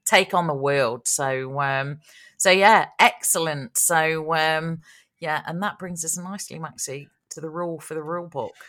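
This is a chatty woman co-hosting a podcast. Her voice sits low but sounds bright and lively. She tells stories and laughs often. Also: a little slow. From Australia. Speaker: podcast co-host. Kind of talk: casual chat.

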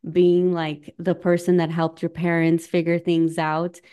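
A young woman hosts a friendly webinar over a video call, chatty and open, dropping in bits of Spanish as she talks. Her voice sits a little low and comes through smooth and clear. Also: monotone, a little slow. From United States, Mexican family. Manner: warm, chatty, mixes in Spanish phrases. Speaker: coach and workshop host. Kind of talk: conversational webinar talk.

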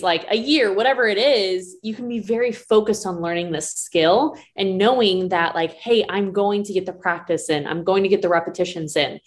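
A woman co-hosts a live online chat as a breathing coach. She talks in lively, excited bursts and leans on "like" as a filler. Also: mid-range voice. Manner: animated, lots of "like" fillers.

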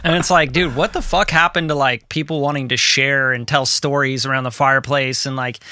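Bright, lively podcast co-host man. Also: medium pitch, brisk. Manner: animated, swearing, quotes people in put-on voices. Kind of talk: casual podcast chat. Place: home studio room.

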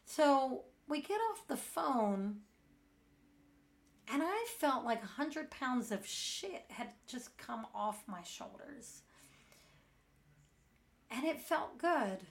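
A middle-aged woman with a voice pitched a little above most women's, hosting a meditation podcast. She tells her own story candidly, earnest and frank, and she does not soften her words. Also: lively intonation, slow pace, pauses often. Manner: frank and earnest, blunt word choice.

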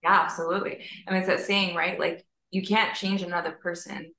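Woman guest, spiritual mentor type; gravelly, low, long flowing emphatic phrases; echoey room. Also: level tone, a little fast, sharp tone. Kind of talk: casual spiritual conversation. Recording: roomy echo.

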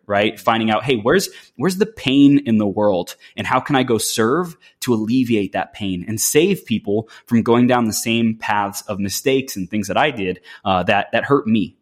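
Male coach guest, low voice, energetic, quick-talking, self-interrupting. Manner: enthusiastic, fast-talking, with frequent restarts. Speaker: podcast host and men's coach.

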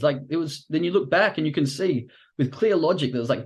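Male livestream host and trading coach, casual and animated, swears freely, acts out reactions. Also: fairly high pitch, a little fast, husky. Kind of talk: livestream explainer talk.

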